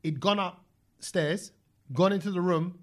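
A man, co-hosting a podcast and telling an animated story in casual chat. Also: sits high, measured pace. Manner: animated, acts out quotes, says "bruv" often. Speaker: podcast co-host.

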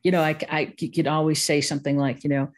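A woman's voice: sits low, little pitch movement, fast talker. Chatty Midwestern woman, laughing often. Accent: Midwestern American. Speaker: guest, course-creation expert. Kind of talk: casual interview chat.

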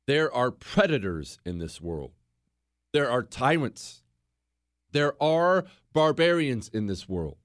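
A man's voice: on the high side, takes it slowly, no echo, clean studio sound. An American man hosting a political talk show, speaking emphatically and acting out quotes. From United States. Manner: animated, emphatic, acts out quotes.

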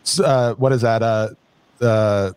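Male podcast co-host, mid-pitched, halting and chatty, dry close sound. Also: steady tone, a little mellow, smooth, no room sound. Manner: chatty, halting with many fillers and restarts. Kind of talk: casual chat.

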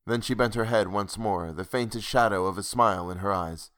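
A man narrating a classic ghost story in a measured, unhurried reading. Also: lowish voice, fairly bright tone.

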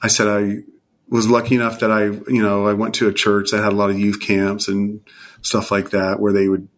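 A man's voice: lowish voice, completely flat delivery, moderate pace. Earnest man in his fifties. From California. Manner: earnest and heartfelt, voice falls to a hushed near-whisper at tender moments. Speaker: guest. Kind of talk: emotional personal testimony in conversation.

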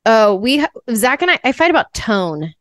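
A woman guest on a talk show, chatting in an expressive way. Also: a little high, moderate pace, no room sound, studio quality. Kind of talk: casual conversational interview.

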